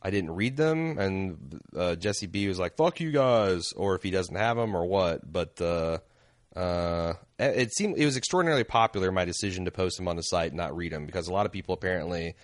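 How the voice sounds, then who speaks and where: A man co-hosting a casual podcast, joking loosely and reading listener emails aloud, his voice going hoarse. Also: low-pitched, expressive, brisk, no room sound, studio quality. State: losing his voice. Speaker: podcast co-host.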